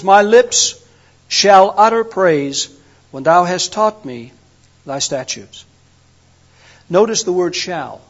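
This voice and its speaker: A man's voice: sits high, lo-fi sound. A man preaching a sermon with fervent, rising and falling emphasis.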